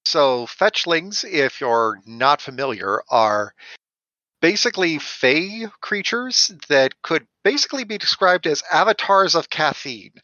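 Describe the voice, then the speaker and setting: An experienced player with a bright, forward voice explains his choices cheerfully. The recording is dry and a bit muffled. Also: on the high side, very animated, a little slow, no echo. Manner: explanatory, upbeat. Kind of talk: casual chat.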